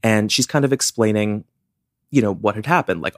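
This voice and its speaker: Low-voiced young man recounting a case. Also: moderate pace, no echo, clean studio sound. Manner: chatty, many "like" fillers. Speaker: podcast co-host. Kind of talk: casual true-crime storytelling.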